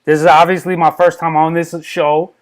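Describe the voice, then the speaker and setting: A man's voice: a little high, level tone, normal speed. A man guesting on a casual podcast, talking candidly and rambling, often repeating words.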